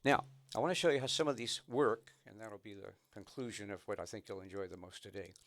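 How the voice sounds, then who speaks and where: This snare drum instructor has a fairly low voice and talks fast, patiently explaining technique and counting out rhythms between the examples he plays.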